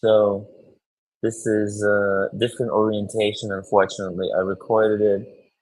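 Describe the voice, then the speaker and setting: A man hosting a casual live stream, chatting in a rambling, excitable way and swearing freely. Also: lowish voice, moderate pace, poor audio. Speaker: streamer host.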